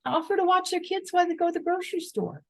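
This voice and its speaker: A woman's voice: extremely high pitch, animated, fast, a little mellow. An older woman speaking as a guest in an interview, earnest and encouraging in a folksy way, sometimes acting out her own inner dialogue. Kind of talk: interview conversation.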